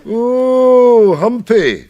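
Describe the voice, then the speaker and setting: A grumpy old Scottish pensioner. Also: male voice, very high-pitched, lively intonation, extremely slow, dark tone, muffled recording, exaggerated voice. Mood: bickering. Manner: grumbling, mocking banter. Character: older Scottish pensioner, grumpy, loves cowboy books.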